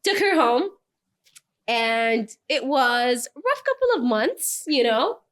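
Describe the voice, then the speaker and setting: A young adult woman, a news presenter, chatting as a podcast guest in an animated, laughing storytelling manner. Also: a little high, slow pace. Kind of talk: casual podcast chat.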